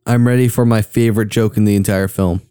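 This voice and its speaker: A man's voice: fairly low pitch, steady tone, warm tone, clear, resonant tone, no echo, studio quality. A young man from the southern US chatting casually and joking while watching a film. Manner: joking, quick reactions. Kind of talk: casual movie watch-along chat.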